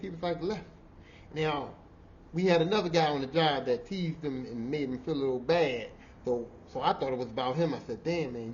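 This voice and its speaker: A man hosting a podcast, telling a profane work story in casual style and acting out the quotes. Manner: animated, profane, acts out quotes with big pitch jumps. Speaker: podcast host. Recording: slightly dull audio with faint noise.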